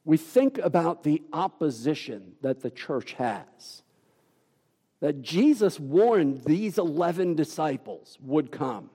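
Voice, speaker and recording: Male pastor, unhurried emphatic sermon delivery, dark mellow tone. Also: a little high, very animated, breathy edge, big-room sound. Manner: emphatic, deliberate preaching with dramatic pauses.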